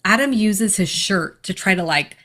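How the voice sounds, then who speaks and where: A woman's voice: mid-range voice, animated, normal speed, pushed and bright. A woman co-hosting a casual podcast, recapping a horror movie plot in a chatty way with fillers and frequent laughs. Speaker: podcast co-host.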